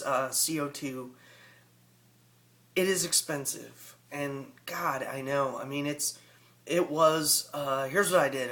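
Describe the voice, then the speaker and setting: A hobby vlogger with a mid-range voice that sounds pushed and bright talks in a rural Southern US accent. His casual vlog talk rambles along in a folksy, easygoing way.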